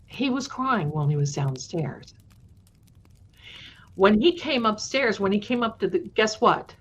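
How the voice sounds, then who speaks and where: A woman's voice: medium pitch, expressive, unhurried, a little hiss or hum. A woman hosting a live stream, chatting affectionately with viewers and telling spooky stories in a casual way. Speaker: live-stream storyteller host. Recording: dull lo-fi stream audio.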